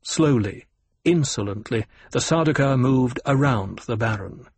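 A man narrating an audiobook in a measured way, slowing on descriptions. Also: medium pitch, animated, slightly rough, no echo. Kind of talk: scripted narration.

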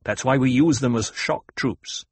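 A man voicing a young rebel leader who speaks firmly and commandingly, in a husky voice. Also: medium pitch, unhurried, no room sound. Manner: firm, commanding. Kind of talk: audiobook character voice.

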